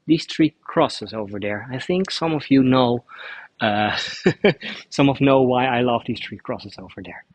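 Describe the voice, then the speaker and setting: Dutch guy talking english on a bike tour outside, bit husky, dry close sound, keeps restarting sentences. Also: mid-range voice, unhurried, dry recording, poor audio. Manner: conversational, explains at length with frequent restarts. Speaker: cycling tour guide. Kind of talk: guided city tour vlog. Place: outdoors in a city square, riding a bike.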